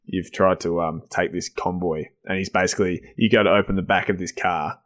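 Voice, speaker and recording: A man's voice: low voice, steady tone, fairly quick, a bit bright. A man co-hosting a podcast in casual chat, enthusiastic and laughing often, with many fillers and restarts. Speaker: podcast co-host.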